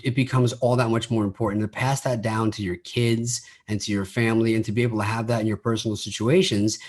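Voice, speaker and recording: A man with a lowish, darkish voice talks casually on his solo podcast. He often repeats words as he begins sentences and acts out quoted dialogue in his own voice.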